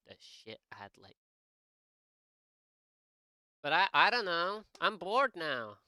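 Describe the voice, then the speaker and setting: A man's voice: on the high side, very animated, unhurried, pushed and bright, clear, resonant tone, no echo, clean studio sound. A young man chatting on his live art stream, rambling and joking with lots of swearing and false starts. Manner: rambling, profane, joking, many restarts. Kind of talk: casual live-stream chat.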